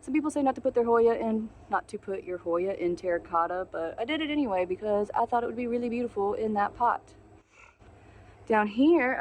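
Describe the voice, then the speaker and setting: Outdoors on a sunny day, a woman who hosts a plant channel gives a casual houseplant tour at a middle pitch. She gushes about each plant, laughs at her own mistakes and drops in easy fillers, over a slight hiss or hum.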